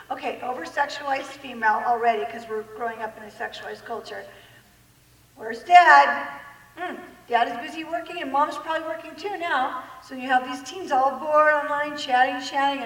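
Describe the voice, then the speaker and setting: High woman speaker, lively and laughing, miked from far off in a big hall. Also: normal speed. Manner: lively, laughing, quotes people in acted voices. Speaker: speaker giving a talk. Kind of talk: animated public talk.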